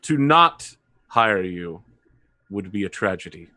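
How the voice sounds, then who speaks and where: Man as a stately ruler, formal courtly speech, low bright voice, dry close sound, tabletop role-play. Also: sing-song, takes it slowly, no room sound, heavily acted. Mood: persuasive. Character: stately noble ruler addressing a subject.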